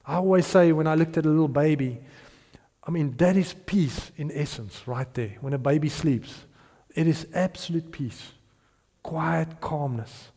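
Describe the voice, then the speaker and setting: Speaking a little slowly, this animated South African preacher, Afrikaans by birth and middle-aged, delivers his sermon in a fairly high voice. He trips over repeated words, says things twice, laughs between points, and occasionally goes hushed, all echoing long through a big hall.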